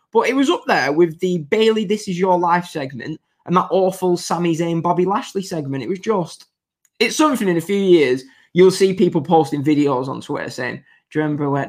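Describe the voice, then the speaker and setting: This medium-pitched podcast host offers casual, opinionated commentary. He rambles, and in his exasperation he keeps breaking off and restarting sentences.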